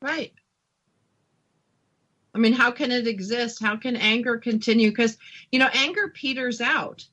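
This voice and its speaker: Bright, higher-voiced woman host. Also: unhurried, long pauses, muffled recording. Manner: agreeing, affirming, adds to the guest's points. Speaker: radio show host. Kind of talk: radio interview.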